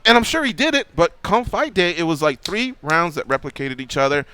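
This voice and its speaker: Smooth, fairly high male radio host. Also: a little fast. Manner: animated, emphatic explaining. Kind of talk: sports radio talk.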